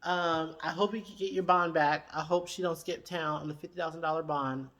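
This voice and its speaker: A sassy commentator reviews a reality show in a casual, talky way. The voice sits at a middle pitch and keeps calling out the people on screen by name. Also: steady tone, brisk, fairly bright tone. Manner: sassy, talks straight to the show's people.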